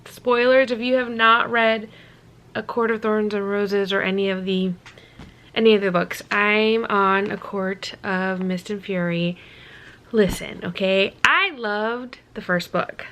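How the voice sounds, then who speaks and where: A tired woman chatting casually to camera in a vlog, gushing and rambling with fillers and soft whispered asides. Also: medium pitch, steady tone, unhurried. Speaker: vlogger.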